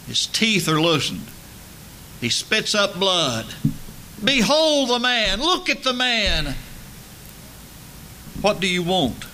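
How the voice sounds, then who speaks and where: A man preaching a sermon, emphatic and building to loud dramatic peaks. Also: a little high, a little hiss or hum.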